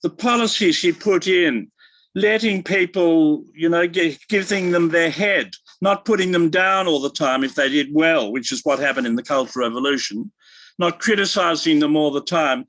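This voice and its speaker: An older male academic answering interview questions in a halting, thoughtful way, with many fillers and restarts. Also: on the high side, fairly bright tone, no room sound, low-quality recording. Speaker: guest academic.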